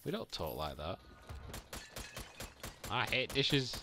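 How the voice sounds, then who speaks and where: A man's voice: lowish voice, sing-song, slow, noisy background. Playful young man streaming a game. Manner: playful, mimics game voices and exclaims. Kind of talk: casual let's play commentary.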